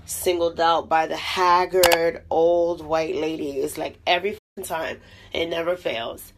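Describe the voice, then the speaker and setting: An upset woman venting in an agitated, profane rant at an airport, her talk full of fillers as she tries to calm down. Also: low voice, unhurried, noisy background. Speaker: vlogger venting after a flight. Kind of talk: angry phone vlog rant.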